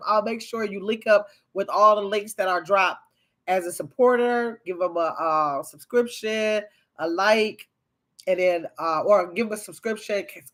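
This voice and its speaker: A woman hosting a casual livestream, chatting with viewers and reading their comments aloud in a rambling, conversational way. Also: mid-range voice. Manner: chatty, reads viewer comments aloud, talks to chat directly; rambling and conversational, with sudden excited bursts. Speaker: livestream host.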